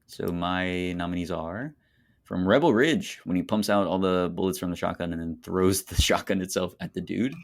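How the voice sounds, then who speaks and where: A young man co-hosting a casual movie podcast, enthusiastic and quick to laugh. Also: deep voice. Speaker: podcast co-host.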